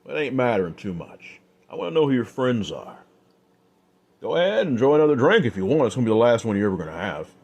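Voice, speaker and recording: A man voicing a cold, calm undead gunslinger who speaks in a quiet, menacing way in an audio story. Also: medium pitch, quick pace, lo-fi sound.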